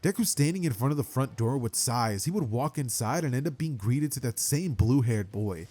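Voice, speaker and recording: A young man narrating a fan-made story in a loose, rambling style, full of casual slang. His pitch swings in a lively, animated way as he goes. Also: fairly quick.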